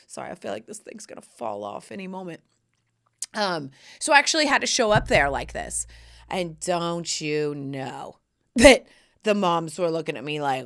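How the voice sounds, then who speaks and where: A woman podcast host from Texas, telling stories in a sassy, animated casual chat. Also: medium pitch. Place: studio or home set, shooting video.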